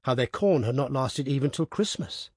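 A man narrating a story aloud in a measured, even manner. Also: mid-range voice, husky, no echo, clean studio sound. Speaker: audiobook narrator. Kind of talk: scripted narration.

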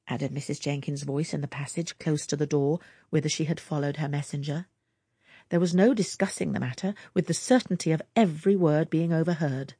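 A woman narrating a story aloud in a lively storytelling manner. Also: low voice, brisk, slightly rough, dry recording, studio quality. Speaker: audiobook reader. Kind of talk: scripted narration.

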